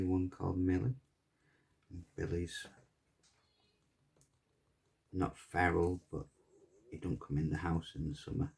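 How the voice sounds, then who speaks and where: Gravelly deep-voiced man. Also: a little mellow. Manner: chatty, rambling storyteller. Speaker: pyrography tutor. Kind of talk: casual tutorial chat while working.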